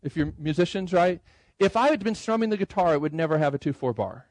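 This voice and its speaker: A middle-aged man speaking at a conference about writing hymn tunes, talking in a conversational way and slowly reading lines out loud. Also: fairly high pitch, expressive, no room sound, poor audio. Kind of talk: conference talk. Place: conference room.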